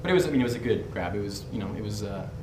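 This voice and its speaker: In a very fast, lively delivery, a young adult man with a lowish voice uses a brash, candid story to teach body language, cursing and laughing as he talks. He works as a body language and dating instructor, and the recording comes from a distant mic in a roomy space with a noisy background.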